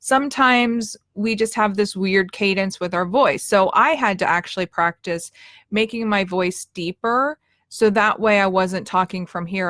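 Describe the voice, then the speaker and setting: A woman's voice: medium pitch, moderate pace, a bit bright, no echo, clean studio sound. A woman leadership coach giving a casual, friendly talk about speaking skills, directly addressing her viewers. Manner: friendly, direct, conversational with small restarts.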